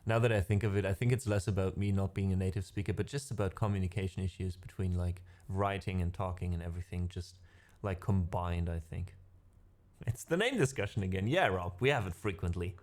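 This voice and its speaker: A fairly quick talker with a low, darkish voice, he's a music streamer chatting casually with his livestream audience between piano pieces. English isn't his native language; he rambles, corrects himself, and laughs a lot.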